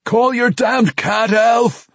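A man voicing a gruff, hot-tempered old male dwarf who yells in frantic alarm. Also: high-pitched, unhurried, no room sound, pitched above the performer's own voice, heavily acted. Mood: frantic yelling. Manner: yelling hoarsely in alarm.

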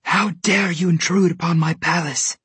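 A cold, imperious ice queen, put on by a woman narrator drags out every word in a low, husky, otherworldly tone. Commanding and menacing, a storybook villain caught in a dry, close recording. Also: takes it slowly, fairly bright tone, no echo, heavily acted. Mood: furious. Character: cruel blind female ice queen, imperious.

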